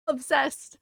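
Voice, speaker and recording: A woman's voice: a bit bright, dry recording. A young woman casually retelling a novel's plot for a book review, chatty, with frequent fillers and laughs.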